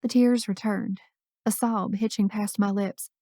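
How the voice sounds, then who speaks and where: A woman's voice: mid-range voice, steady tone, unhurried, dark tone, no room sound, clean studio sound. A woman narrating a first-person romance audiobook in an intimate, emotional reading.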